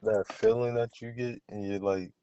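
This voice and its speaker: A man's voice: on the low side, fairly even intonation, moderate pace, warm tone, smooth, dull audio. Crude, boastful man in podcast banter. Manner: crude, boastful, laughs a lot. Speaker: podcast co-host.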